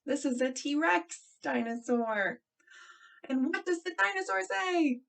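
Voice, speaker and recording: A woman children's librarian leading a storytime with a gentle, encouraging, sing-song way of talking to young children. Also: sits high, slow, vocal fry.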